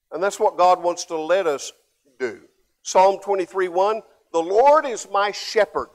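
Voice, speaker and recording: An older man, a pastor, preaching a sermon, swinging from loud emphatic passages to low quiet asides.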